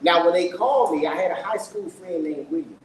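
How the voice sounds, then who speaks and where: A middle-aged man with a brisk voice that sits high tells a personal story at his book launch, earnest and emotional, asking the audience questions. He is heard from a distance in an echoey event room, with faint noise in the background.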